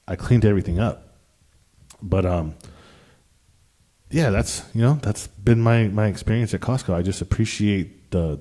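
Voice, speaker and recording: A young man with a somewhat low voice tells a personal story straight to the camera. He rambles and restarts often, and his talk is loose, slangy and full of swearing. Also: warm tone. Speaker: vlogger.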